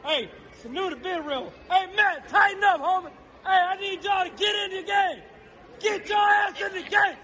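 Man, Southern accent, very high shrill voice, bright and piercing, yelling taunts in drawling slang. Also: moderate pace, a faint crowd. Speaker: sports fan heckling players. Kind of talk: shouted heckling.

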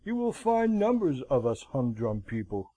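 Guy reading as stern old-school colonel, curt, lively pitch, dry sound. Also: moderate pace, no echo. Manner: curt, grave, frank. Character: stern blunt middle-aged army colonel.

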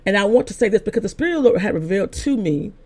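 A woman's voice: medium pitch, lively intonation, very fast, darkish tone, breathy edge. An older woman, an apostle and pastor, preaching a sermon as a personal story, talking conversationally with frequent restarts and building to emphatic points. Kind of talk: sermon told as personal testimony.

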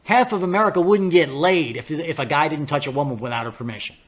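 A man's voice: on the high side, fast talker. Blunt, ranting older male podcast host. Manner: blunt, ranting, profane, laughs at his own stories. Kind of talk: political commentary monologue.

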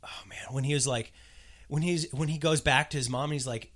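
A man's voice: a little high, fairly even intonation, fairly quick, a bit bright. A man co-hosting a podcast in casual chat, gushing expressively. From US West Coast. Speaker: podcast co-host.

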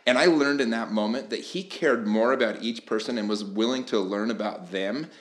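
A man hosting a podcast, telling a story in a relaxed, thoughtful way. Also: medium pitch, normal speed, reverberant. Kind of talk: casual podcast chat.

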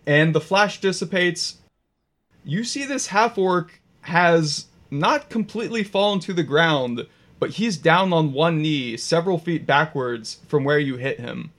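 A man's voice: on the high side, lively intonation, unhurried, a bit bright. A man narrating a tabletop game as game master in a casual, profane style full of fillers.

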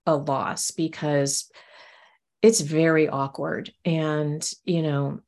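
A woman hosting a podcast interview, affirming her guest and halting with frequent fillers as she asks questions. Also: low-pitched, little pitch movement, darkish tone. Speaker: podcast host.

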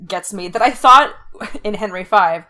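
A woman's voice: medium pitch, unhurried, bright, forceful tone. A woman co-hosting a podcast in casual chat, rambling through stories with swearing and frequent laughter. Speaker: podcast co-host.

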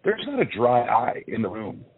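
A man's voice: medium pitch, wildly swooping pitch, moderate pace, breathy edge. A man, an actor and producer, chatting as a guest over the phone, rambling with lots of fillers and restarts. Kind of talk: casual interview over a phone line. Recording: tinny phone line with faint noise.

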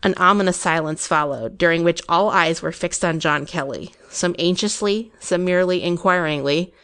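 Woman narrating a ghost story, lowish voice. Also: clean tone. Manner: measured, expressive reading.

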